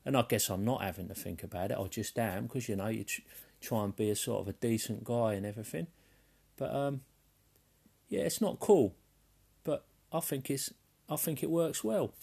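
Male caller, mid-pitched, gravelly, chatty voicemail with restarts. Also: animated, moderate pace, darkish tone. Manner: easygoing, chatty, hesitant restarts. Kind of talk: casual voicemail message.

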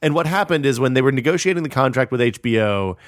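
A man's voice: medium pitch, expressive, quick pace, no room sound, studio quality. A man co-hosting a tech podcast in casual chat, tossing in wry, joking asides. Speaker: podcast co-host.

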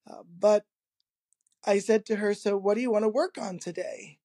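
A man, a guest in an interview, telling a personal anecdote in a lively, casual way, laughing often and acting out the quoted dialogue. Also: high-pitched, moderate pace. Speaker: interview guest, energy healer.

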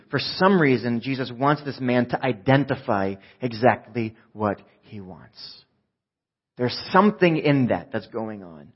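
A man preaching in a casual, chatty way, pulling his listeners into the story. He swings between loud, raised passages and quiet, near-hushed moments, all at an ordinary middle pitch. The recording sounds a little dull and lo-fi. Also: animated, unhurried, husky. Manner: conversational, shifts between loud shouting and hushed speech. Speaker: pastor. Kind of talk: sermon.

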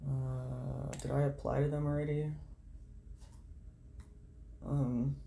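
A woman with an exceptionally deep, low voice talks to herself at her computer, cursing casually and reading job listings under her breath. Keys tap faintly in the background as she scrolls. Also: flat delivery, slow pace, gravelly, long pauses, dark tone, a little hiss or hum. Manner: muttering to herself, swears often, reads listings aloud. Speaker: vlogger. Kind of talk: casual talk while job hunting online. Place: at home at a computer. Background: keyboard typing.

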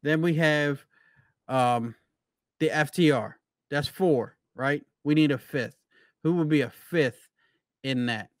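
A man's voice: on the high side, takes it slowly, long pauses, no room sound, clean studio sound. A man co-hosting a wrestling podcast, steering the casual chat with questions to the others. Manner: leads the talk, asks questions to the others.

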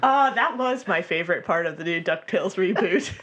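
A woman's voice: fairly low pitch, animated, fairly quick, fairly bright tone, lo-fi sound, slight background noise. A woman co-hosting a comedy podcast, chatting playfully, laughing often and joking at her own expense. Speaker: podcast co-host. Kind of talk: casual comedic chat.

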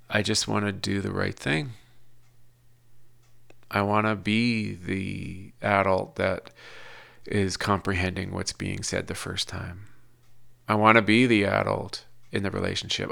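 A man talking through his own struggles in a hesitant, halting personal monologue, often pausing and restarting as he searches for words. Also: lowish voice, vocal fry, a bit bright.

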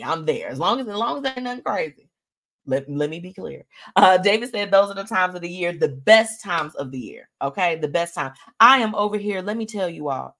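A woman hosting a live stream show, chatting casually and animatedly with viewers and reading out their comments. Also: fairly low pitch. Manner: animated, chatty, laughs often, reads comments aloud.

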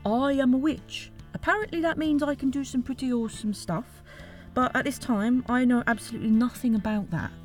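A woman's voice: high voice, brisk, darkish tone, soft background music, voice pushed up, close to an everyday voice. A woman voicing a sarcastic, exasperated young witch in an audiobook. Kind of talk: audiobook character reading.

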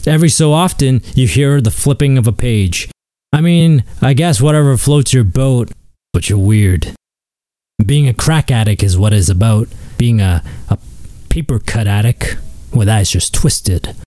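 A man's voice: mid-range voice, unhurried, dark tone, dry recording. A man hosting a podcast, delivering a crude, sarcastic, rambling comedic monologue. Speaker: podcast host.

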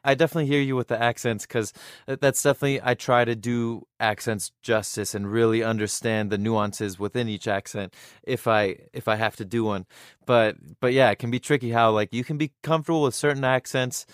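A man hosting a podcast, asking measured questions and reading a wrap-up outro. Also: medium pitch, steady tone, clear, resonant tone, no room sound, studio quality. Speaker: podcast host. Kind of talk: interviewing, then scripted outro.

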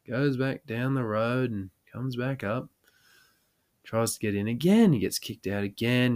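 An Australian man hosting a podcast, telling a rowdy pub story casually, swearing and laughing as he acts out the people in it. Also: medium pitch. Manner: swearing, laughing yarn-teller with quoted voices. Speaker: podcast host.

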